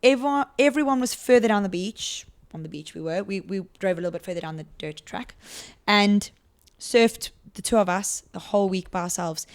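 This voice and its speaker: Young woman guest, casual and playful, quick to laugh. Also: mid-range voice. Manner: playful, laughs often, jokey. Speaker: podcast guest, surf trainer and presenter. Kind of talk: casual chat.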